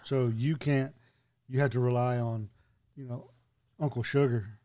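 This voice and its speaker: A man's voice: mid-range voice, fairly even intonation, a little slow, dark tone. A man in casual podcast chat, telling stories with a wry, sarcastic edge.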